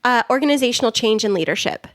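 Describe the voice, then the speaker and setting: A woman's voice: on the high side, fast talker, fairly bright tone, no echo, clean studio sound. A woman in her forties co-hosting a podcast, cheerful and teasing as she tells a story about her husband. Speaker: podcast co-host. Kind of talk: casual podcast chat.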